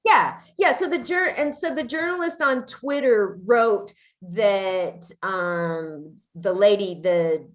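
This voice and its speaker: A woman's voice: mid-range voice, slow, hardly any pauses. A woman hosting a podcast in casual chat, ranting indignantly with frequent swearing and restarts. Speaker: podcast host.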